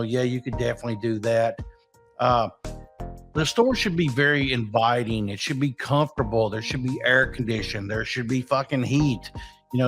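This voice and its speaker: A man, a business coach giving blunt, profane advice in a rambling, casual talk. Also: medium pitch.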